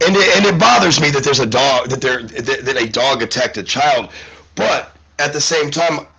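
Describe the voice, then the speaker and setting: A man's voice: medium pitch, expressive, moderate pace, pushed and bright, breathy edge, no room sound, poor audio. A man hosting a live news talk show, commenting at length with many restarts and fillers while still sick. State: sick, under the weather.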